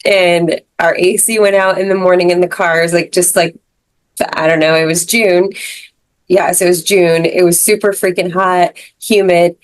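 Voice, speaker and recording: A woman's voice: lowish voice, steady tone, a little slow, no echo. A woman co-hosting a podcast, telling a personal story in a casual, rambling way with lots of fillers and restarts. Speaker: podcast co-host. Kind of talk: casual chat.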